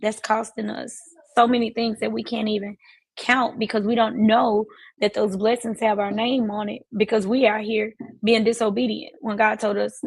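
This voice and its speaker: A woman's voice: a little high, level tone, normal speed, creaky, husky, no room sound, rough recording. A woman hosting a live stream as a financial services coach, speaking emphatically with repeated, preacherly phrasing. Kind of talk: motivational live-stream talk.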